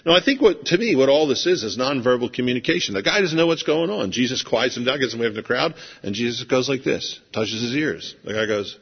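A man's voice: mid-range voice, animated, fast talker, hardly any pauses, slightly rough. A man preaching a sermon in a conversational storytelling manner, acting out scenes as he goes. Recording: dull lo-fi sound with long hall reverb.

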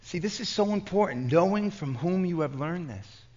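A man's voice: high-pitched, animated, moderate pace, a little mellow. A man with a New York accent preaching at a conference, telling stories with passion and frequent stammering restarts. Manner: impassioned, stammering restarts, storytelling. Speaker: pastor. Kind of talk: conference sermon. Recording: dull lo-fi recording.

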